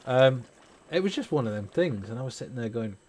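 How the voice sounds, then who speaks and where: A man's voice: mid-range voice, expressive, fairly quick, darkish tone, a little hiss or hum. A man and parent hosting a gaming stream, chatting casually and opinionatedly with plenty of swearing. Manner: rambling, swears freely, opinionated. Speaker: gaming channel host. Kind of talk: casual chat over gameplay.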